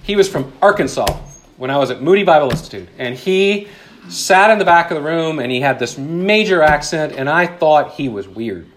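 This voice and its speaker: A married man preaching a sermon, earnest and conversational, dropping to a hushed voice on key points. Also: on the high side, expressive, moderate pace, slight background noise. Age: adult, married with children. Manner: earnest, drops to a hushed voice for emphasis; conversational asides with self-deprecating humor. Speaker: pastor.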